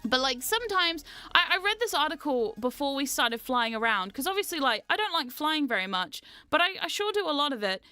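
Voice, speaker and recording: Woman streamer, high and bright, loose and chatty, swears freely, animated storyteller. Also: fairly quick, hardly any pauses, no room sound, faint music behind. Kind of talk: casual storytelling chat.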